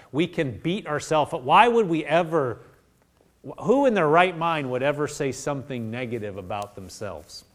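A male pastor preaching a sermon in a conversational way, acting out little dialogues and dropping to hushed intensity. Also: medium pitch. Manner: animated preaching, acts out voices of God and people.

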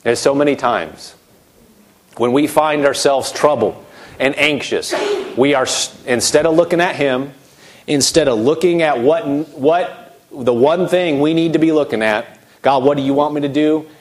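A middle-aged man delivers a sermon with emphatic force, and his voice sits a little on the high side. He swings sharply up and down as he drives his points home, slipping into quoted voices along the way. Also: unhurried. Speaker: preacher.

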